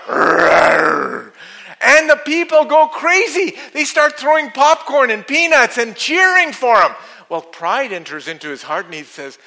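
A middle-aged man preaching a sermon, telling stories in an animated way and laughing at his own jokes. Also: very high voice, a little slow, gravelly.

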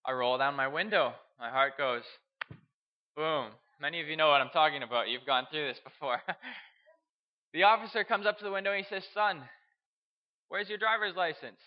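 A young man from Canada, telling a personal story in a halting way, repeating words and chuckling. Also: a little high, muffled recording. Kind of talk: storytelling speech.

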